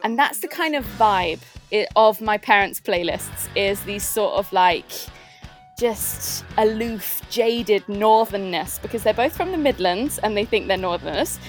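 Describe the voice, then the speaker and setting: A woman's voice: medium pitch, unhurried, faint music behind. Chirpy young posh southern English woman. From southern England. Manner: chirpy, lively, laughs often. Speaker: guest sharing favourite songs. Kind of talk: casual chat.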